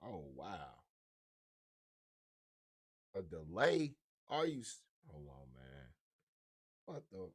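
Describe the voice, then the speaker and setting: Man hosting a live game stream, slow and drawling, taunting sing-song repeats, dry close sound. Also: very deep voice, big pitch swings, breathy edge, no room sound. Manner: slangy, casual. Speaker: streamer host. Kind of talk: live sports commentary stream.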